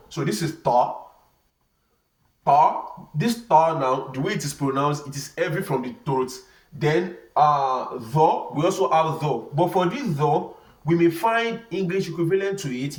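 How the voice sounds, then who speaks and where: A man teaching a beginner Arabic lesson, often asking "what?" and answering himself, spelling and repeating letter sounds slowly. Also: fairly high pitch. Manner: asks rhetorical "what?" questions and answers them himself. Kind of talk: beginner language lesson at a board. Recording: echoey room, mic at a distance.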